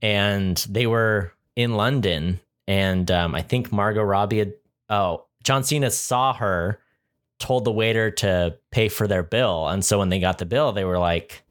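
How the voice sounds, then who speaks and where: A man with a somewhat low voice chats casually about a film as a podcast co-host. He talks enthusiastically and rambles, with plenty of fillers along the way. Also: measured pace. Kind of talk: casual chat.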